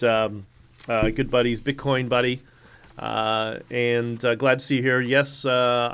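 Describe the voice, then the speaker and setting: A man's voice: medium pitch, fairly bright tone, smooth. Rambling man hosting a livestream. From Canada. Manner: rambling, many fillers and restarts. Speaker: livestream host. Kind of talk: casual solo livestream reading viewer comments.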